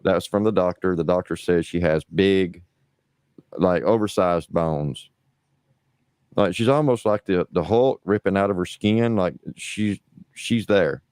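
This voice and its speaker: A man's voice: low-pitched, unhurried, a little mellow, smooth, no echo, clean studio sound. A middle-aged man from New Orleans, hosting a livestream and riffing in a crude, rambling, sarcastic way. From New Orleans, USA. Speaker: livestream host. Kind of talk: casual mocking livestream commentary.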